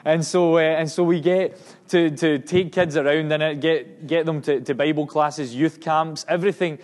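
A man's voice: on the high side, fairly even intonation, normal speed, a little mellow. Earnest Scottish man preaching. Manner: earnest, often restarts words, emphatic rises. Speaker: missionary preacher. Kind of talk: sermon and mission report to a congregation.

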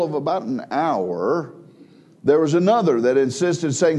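Mellow-voiced male preacher with hushed drops. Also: sing-song, measured pace, gravelly, slightly rough. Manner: swings between emphatic raised passages and hushed low drops; frequent word repeats and restarts. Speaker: pastor. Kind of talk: sermon.

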